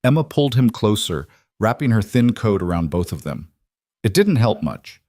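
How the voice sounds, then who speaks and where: A man narrating a scripted story in a steady, somber way, close to the mic. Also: on the low side, normal speed, dry recording.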